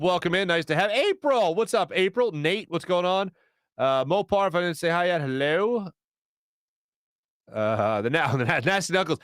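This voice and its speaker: Animated man hosting a sports talk show. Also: medium pitch, no room sound, clean studio sound. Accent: Philadelphia. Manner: animated, rambling, jokey, lots of fillers and asides. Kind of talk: live show reading chat comments. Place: small studio. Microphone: studio mic.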